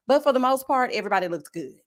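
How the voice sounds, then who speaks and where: Talking quickly in a fairly high voice, this young woman runs a reality-show review channel and is doing a casual live recap. She's animated and sassy, full of slang and shade.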